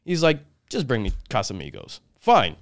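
A man's voice: mid-range voice, wildly swooping pitch, normal speed. A man in his thirties telling long rambling stories on a casual podcast, swearing freely and laughing often. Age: 30s. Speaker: podcast co-host. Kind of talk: casual storytelling chat.

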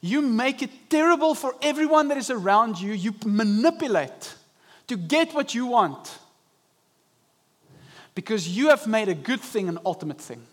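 Young male pastor, high-pitched, animated sermon delivery. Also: moderate pace. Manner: animated preaching, acting out inner voices. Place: church service.

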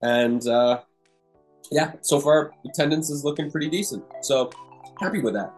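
A man's voice: medium pitch, moderate pace, a little mellow, faint music behind, low-quality recording. A man hosting a podcast, giving casual, encouraging coaching talk to entrepreneurs, rambling with fillers and restarts. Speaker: podcast host and business coach. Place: room with a live audience.

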